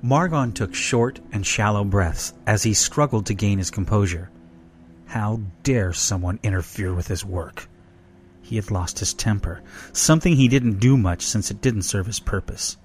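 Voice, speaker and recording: Low-voiced man reading a story. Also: unhurried, darkish tone. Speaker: story reader. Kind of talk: reading a fan roleplay story aloud.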